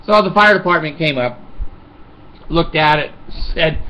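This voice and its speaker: Older male vlogger, high bright tone, profane, chuckles through his tale. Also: unhurried, low-quality recording. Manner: rambling, profane, chuckles often. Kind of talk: casual storytelling monologue.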